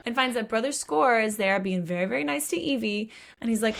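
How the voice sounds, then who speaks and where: A woman chatting casually as a podcast co-host. She retells a story with lively, animated quoting of the characters, dropping in exclamations and the odd curse. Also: a little high, a little fast, creaky. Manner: animated retelling with voiced quotes and swearing. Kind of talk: casual book recap chat.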